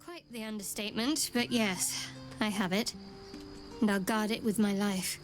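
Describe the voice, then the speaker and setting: A woman's voice: medium pitch, steady tone, music in the background, close to an everyday voice. A woman playing a guarded, secretive cleric. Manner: guarded, wry, measured. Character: secretive young female cleric, guarded and dutiful. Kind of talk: video game voice acting.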